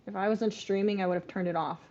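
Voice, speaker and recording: A woman's voice: medium pitch, steady tone, quick pace, darkish tone, muffled recording, slight background noise. A woman hosting a casual live stream, chatting and coaxing her pets in between bits of play-by-play.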